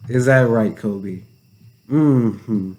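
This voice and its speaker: A young man co-hosting a podcast in casual chat, laid-back and low-key, with many short agreeing replies. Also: extremely slow, mellow, slight background noise. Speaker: podcast co-host.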